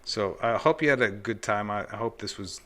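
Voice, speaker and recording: A man's voice: lowish voice, brisk, fairly bright tone. A man hosting a podcast, chatting casually and rambling through personal anecdotes. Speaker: podcast host. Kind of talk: casual conversation.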